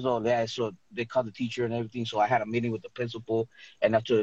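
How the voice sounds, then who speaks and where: A husky, mid-pitched man talks in a loose group conversation, swearing heavily as he recounts a heated run-in. His delivery is blunt and fired up. The sound is dull and lo-fi, with a dry, close feel. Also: steady tone, racing, darkish tone, no room sound. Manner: profane, heated storytelling. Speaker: podcast guest sharing stories, bus company worker and student. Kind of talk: casual group chat.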